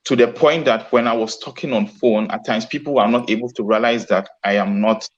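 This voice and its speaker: A man's voice: fairly low pitch, fairly even intonation, a little fast, muffled recording. A man answering interview questions earnestly, often restarting his sentences. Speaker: guest. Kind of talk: casual interview.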